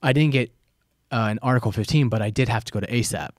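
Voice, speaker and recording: American ex-soldier guy spilling old stories, lively, acts out the lines, dry close sound. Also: medium pitch, fast talker, dry recording. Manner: candid, animated, acts out quoted voices. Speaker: guest; former Army soldier. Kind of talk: casual storytelling interview.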